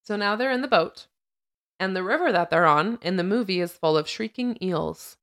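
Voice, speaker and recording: A woman with an animated, fairly bright medium-pitched voice talks at normal speed. As a podcast co-host, she casually recaps a movie, trading trivia and retold scenes with plenty of laughter.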